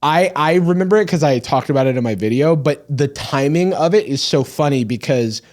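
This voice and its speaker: A man guesting on a casual comedy podcast, rambling and restarting his sentences before landing a joke. His voice sits a little high for a man. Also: a little mellow. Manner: rambling, restarts often, quick aside jokes.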